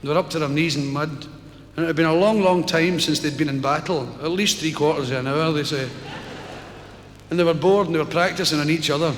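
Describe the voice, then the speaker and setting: A man's voice: a little high, background noise. A man in his thirties with a Scottish accent, telling stand-up stories to a live crowd and bantering with it. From Scotland. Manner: broad, rowdy, bantering with the crowd. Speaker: stand-up comedian. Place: large concert hall, live. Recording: echoey live concert hall recording. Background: audience.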